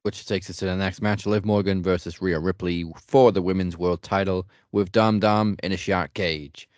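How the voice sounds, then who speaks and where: A man co-hosting a wrestling podcast, calmly breaking down the matches in a measured, analytical way. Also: sits low, no echo, dull audio. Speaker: podcast co-host. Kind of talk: casual chat.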